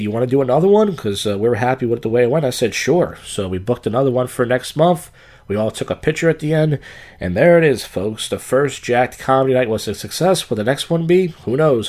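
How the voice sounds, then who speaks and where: A man's voice: mid-range voice, darkish tone. Man, podcast host, casual rambling monologue, lots of "uh" and "you know", blunt, swears freely. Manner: rambling, frequent fillers, blunt and profane.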